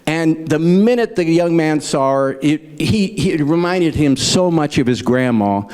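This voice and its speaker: Middle-aged male comic, folksy joke teller, slightly high, lively swooping pitch. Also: unhurried, clean tone. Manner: folksy storyteller, acts out grandparents in raised voices. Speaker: stand-up comedian. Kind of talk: folksy stand-up joke telling.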